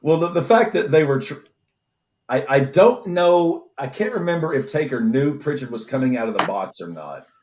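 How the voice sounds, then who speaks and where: A man's voice: medium pitch, expressive, moderate pace, a little mellow. A man co-hosting a casual podcast, rambling with many restarts and frequent swearing. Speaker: podcast co-host. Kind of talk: casual chat.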